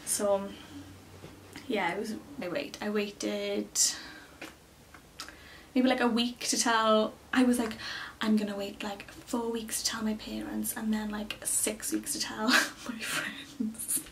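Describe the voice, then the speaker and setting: A woman's voice: medium pitch, takes it slowly, gravelly, slight background noise. Chatty young Englishwoman, slightly distant mic. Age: early 20s. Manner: rambling, many fillers, excitable retelling. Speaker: beauty vlogger. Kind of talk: casual chatty storytelling to camera.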